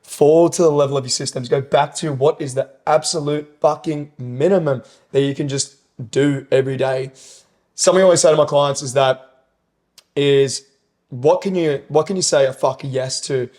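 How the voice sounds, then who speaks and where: A man's voice: a little high, steady tone, normal speed, a little mellow. A man co-hosting a fitness podcast as a personal trainer, talking with enthusiasm, rambling a little and swearing casually.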